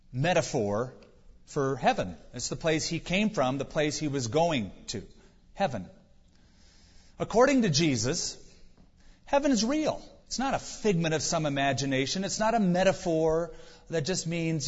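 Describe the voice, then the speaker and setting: Man preaching a sermon, animated pitch, emphatic questions, long hall reverb, dull lo-fi sound. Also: normal speed, husky. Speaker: pastor.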